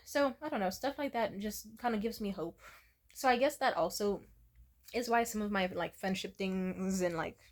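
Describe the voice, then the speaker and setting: A woman's voice: mid-range voice, normal speed. A young woman telling personal stories in a casual confessional vlog, candid and rambling, swearing freely and filling her talk with "like". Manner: candid, rambling, profane, full of "like". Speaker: vlogger.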